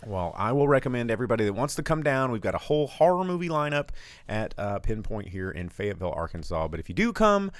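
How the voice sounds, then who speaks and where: A man co-hosting a casual live show, telling rambling, animated stories about his bar. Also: quick pace, no echo. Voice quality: big booming voice when yelling. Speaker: podcast co-host and bar owner.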